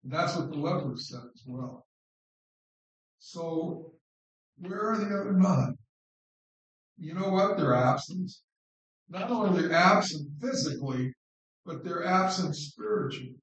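A man preaching an informal sermon on scripture in an unhurried, conversational way, repeating words for stress. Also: a little high, animated, a bit bright. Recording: very echoey room, distant mic.

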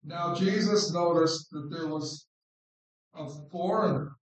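A man preaching an informal sermon on scripture in an unhurried, conversational way, repeating words for stress. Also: a little high. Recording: very echoey room, distant mic.

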